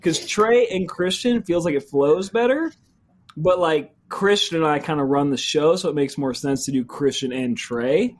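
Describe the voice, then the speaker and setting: Crude, joking man hosting a podcast. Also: fairly high pitch. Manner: crude, joking, quick to laugh. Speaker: podcast host. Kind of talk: casual comedic chat.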